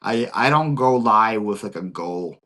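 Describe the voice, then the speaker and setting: Born in Ukraine and raised in Philadelphia, this man speaks with a Philadelphia accent while hosting a relaxed livestream Q&A for sellers. His voice is a little low, and his halting talk keeps catching on repeated words and restarts.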